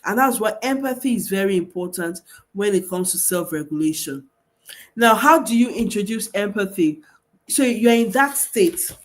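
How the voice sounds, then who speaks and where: A woman's voice: mid-range voice, animated, moderate pace. Earnest woman coaching parents. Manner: emphatic, repeats key points, asks rhetorical questions. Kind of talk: teaching talk on parenting.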